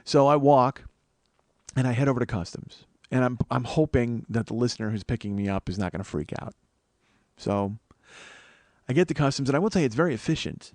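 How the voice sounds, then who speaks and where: A man's voice: mid-range voice, a little fast, a little mellow, dry recording, studio quality. A man, telling a rambling, self-mocking comic story as a podcast host. He swears a lot, and his voice climbs when he acts out his panic. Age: 40s. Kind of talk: comedic storytelling monologue.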